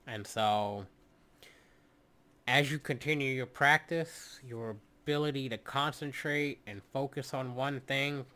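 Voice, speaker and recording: A man's voice: mid-range voice, a bit bright. A man hosting a solo podcast, talking through his points in an instructive way and often stopping on fillers and restarts while he addresses the listener directly. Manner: halting, many fillers and restarts. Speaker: podcast host.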